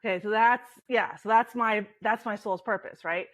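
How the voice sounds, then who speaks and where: A middle-aged woman, a podcast guest and author, telling a travel story with lively acted-out quotes and laughter. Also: mid-range voice, moderate pace, low-quality recording. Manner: animated, laughing, acts out quotes. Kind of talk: storytelling in conversation.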